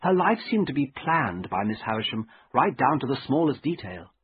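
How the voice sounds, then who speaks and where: A man with a husky, breathy voice reads a story aloud in a measured storyteller's way, his pitch moving a lot. The recording is dry and close, with a narrow, phone-like sound. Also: sing-song, dry recording. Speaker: narrator.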